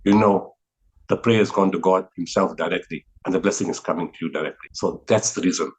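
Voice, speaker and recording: A man's voice: deep voice, fairly quick, a little mellow, low-quality recording. A man as an interview guest, earnestly recounting a spiritual teaching with frequent restarts and repeated words. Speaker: guest, humanitarian relief founder.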